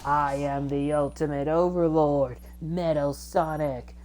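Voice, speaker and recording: A woman voicing a boastful robotic male villain overlord from a video game, drawing out her words slowly. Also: deep voice, fairly even intonation, darkish tone. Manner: slow, drawn-out villain declarations.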